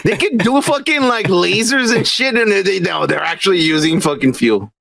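A man's voice: high voice, expressive, moderate pace, creaky, a bit bright. A man co-hosting a podcast, reacting with profane banter and mocking asides. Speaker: podcast co-host. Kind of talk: crude casual chat.

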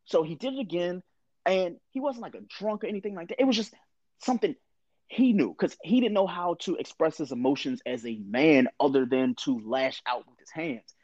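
A man's voice: fairly high pitch, lively intonation, normal speed, darkish tone, no room sound, dull audio. A man in his thirties with a candid, profane storytelling manner, talking in a casual conversation.

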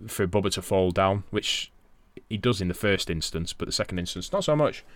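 Male podcast co-host, low-pitched and dry-miked, casual sweary play-by-play recap. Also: lively intonation, brisk, dry recording. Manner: recaps from notes, sweary and laid-back. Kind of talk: casual wrestling recap chat.

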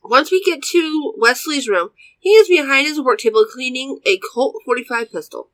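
Bright-voiced woman narrating a story. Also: sits high, lively intonation, normal speed, hardly any pauses, dry recording, rough recording. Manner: reads plainly, with occasional slips and restarts. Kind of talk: first-person story narration.

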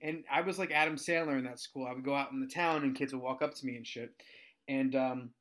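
A man in his thirties telling funny stories in casual chat, acting out the voices he quotes and jumping up in pitch. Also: quick pace. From United States. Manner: animated, acts out quoted voices, jumps in pitch. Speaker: guest storyteller.

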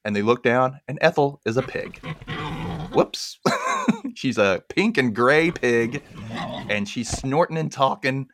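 A man hosting a casual podcast, chattily retelling a movie plot in a rambling, animated way. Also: medium pitch, slow, pauses often, background noise. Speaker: podcast host.

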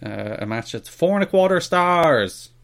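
A man's voice: fairly high pitch, lively intonation, normal speed, gravelly, a bit bright. A man co-hosting a wrestling podcast, trading dry, teasing jokes in casual banter. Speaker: podcast co-host.

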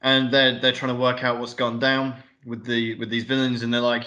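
A young male podcast co-host rambles through a casual film recap, swearing and using lots of fillers. His medium-pitched voice is level and sharp, at normal speed with few pauses.

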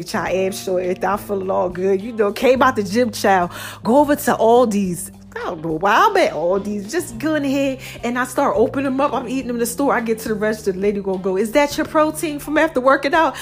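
A woman hosting a podcast, chatting casually and out of breath, calling her listeners y'all and child, with faint music behind. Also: a little high. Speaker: podcast host.

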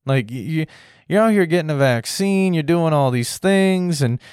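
A man's voice: on the high side, expressive, normal speed, a little mellow, clean tone, no room sound, clean studio sound. An American man hosting a podcast, ranting casually with lots of repetition and tag questions. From United States. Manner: repetitive, keeps asking "right?"; restless, frequent restarts. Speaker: podcast host. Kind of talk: casual political rant.

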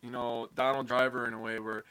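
A young man co-hosting a casual sports podcast, excitable and jokey, swearing casually as he talks. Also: mid-range voice, a little fast, clean tone. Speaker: podcast co-host.

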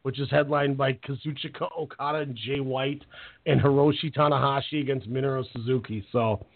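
A man hosting a casual sports radio show, telling game stories with lively retellings and quoted voices. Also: medium pitch, a little fast, vocal fry. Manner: animated storyteller, acts out players with quoted voices. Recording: tinny phone-line sound.

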